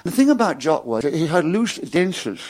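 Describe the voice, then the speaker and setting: An older man with an English upper-class accent and a slight stutter, telling anecdotes in a lively, amused way. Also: a little high, a little fast. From England. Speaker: interviewee. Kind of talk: anecdotal storytelling.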